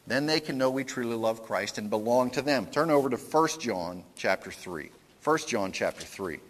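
A male pastor delivers an earnest teaching sermon, stopping and restarting as he works through his points. His voice sits in the middle range. The church sanctuary gives it a long, ringing reverb. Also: mid-range voice.

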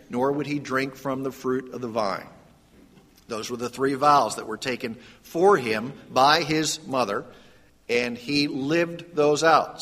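A man preaching a sermon in a conversational way, moving between lively questions and hushed emphasis. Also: a little high. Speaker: pastor. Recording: long hall reverb.

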